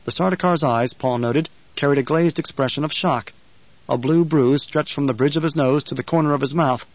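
Steady male narrator for a novel; dry, muffled read. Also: fairly high pitch, fairly quick, no room sound. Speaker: audiobook narrator. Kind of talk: scripted narration.

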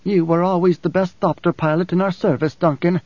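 A man's voice: high voice, fairly even intonation, a little mellow, no echo, pitched above the performer's own voice. A man doing a cool, guarded noblewoman. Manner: measured, cool, probing questions. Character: composed noblewoman, middle-aged, guarded and sharp. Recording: slightly dull dry recording.

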